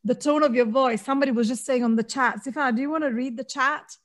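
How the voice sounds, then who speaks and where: A woman's voice: sits high, fairly even intonation, quick pace. A woman hosting an online storytelling event, effusive and openly emotional as she praises and introduces the speakers over a video call. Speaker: event host, co-founder.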